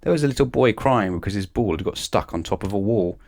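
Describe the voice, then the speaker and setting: A man with a fairly low voice reads a children's bedtime story aloud. He tells it in a lively, expressive way, shifting his voice as the story goes. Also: fast talker, creaky, hardly any pauses. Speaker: storybook reader.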